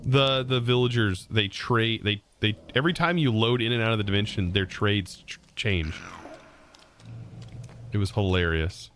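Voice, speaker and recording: In this casual live-stream clip, a man with a lowish, slightly bright voice plays a modded building game at a moderate pace. He rambles chattily about words and talks to his chat between tasks, with a little background noise behind him.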